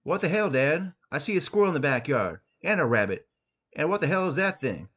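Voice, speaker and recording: A man's voice: on the high side, big pitch swings, brisk, a bit bright, slightly rough, pitched above the performer's own voice, heavily acted. A man voicing a sarcastic teenage son who keeps talking back to his father, in a raised, whiny voice. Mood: alarmed.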